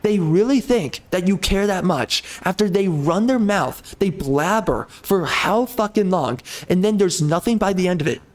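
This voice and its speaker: A gaming streamer ranting furiously, swearing constantly and circling back to the same complaints. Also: male voice, sits high, expressive, moderate pace, hardly any pauses. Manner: mocks others in a put-on sugary tone. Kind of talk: angry profane rant.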